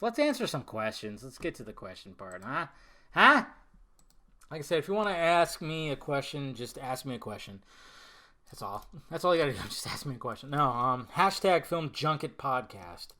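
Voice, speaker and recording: A man hosting a podcast, answering viewer questions in a casual live chat with profane, animated rants. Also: medium pitch. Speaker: podcast host.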